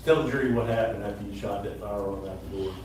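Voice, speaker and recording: A man questioning a witness in court, asking brisk, direct questions. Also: fairly low pitch. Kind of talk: courtroom examination. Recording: distant, very echoey, noisy courtroom mic.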